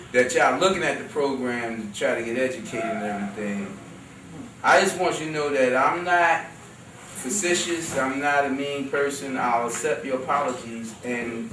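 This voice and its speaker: Male religious teacher, chatty storytelling sermon, distant roomy recording with faint background noise. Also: a little high. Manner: animated storytelling, chuckling, conversational. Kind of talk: informal sermon with anecdotes.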